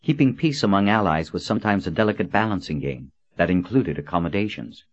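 A man narrating an audiobook in a measured storytelling manner. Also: sits low, dry recording, lo-fi sound. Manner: measured storytelling with expressive character voices.

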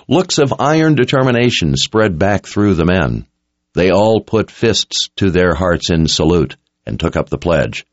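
A man's voice: low voice, very animated, moderate pace, no room sound, highs cut off. A man reading a dramatic story aloud as narrator, in an intense, scripted audiobook style.

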